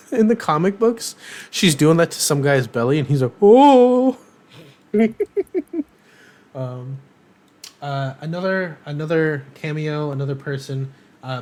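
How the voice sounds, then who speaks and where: Man, podcast co-host, casual chat, rambling, fillers. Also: a little high. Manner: rambling, many ums and uhs.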